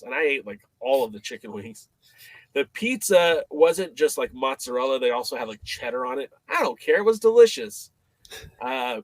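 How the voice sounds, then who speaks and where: A man as a podcast guest, telling a story in a casual, animated way, with many fillers and restarts. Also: mid-range voice, no room sound.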